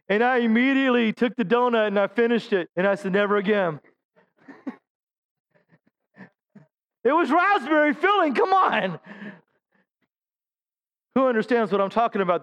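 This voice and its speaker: High-voiced, smooth-toned male pastor preaching. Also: dull audio. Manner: humorous storytelling, self-deprecating jokes; preaching with asides to the congregation. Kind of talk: sermon.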